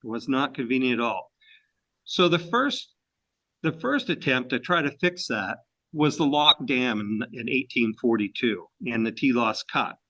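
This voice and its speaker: A man's voice: mid-range voice, animated, a little slow, bright, forceful tone, poor audio. A man from Maine giving a storytelling history presentation to a club, folksy and full of fillers and restarts.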